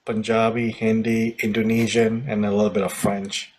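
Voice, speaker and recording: A man from Malaysia co-hosting a podcast, talking in a relaxed, chatty way and laughing often. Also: lowish voice, moderate pace, a little hiss or hum. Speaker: podcast co-host. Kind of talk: casual chat.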